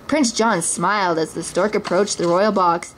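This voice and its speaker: Mom reading a storybook aloud. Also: female voice, mid-range voice, normal speed, a little hiss or hum. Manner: expressive reading, occasional stumbles and restarts. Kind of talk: children's story read aloud.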